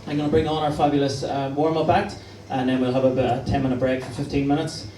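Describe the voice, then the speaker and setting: A man's voice: medium pitch, flat delivery, fast talker. A male stand-up comedian doing a live set, chatty and teasing as he works the crowd. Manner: cheeky, chatty, teasing the audience. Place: live comedy venue stage. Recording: roomy distant live room with crowd noise.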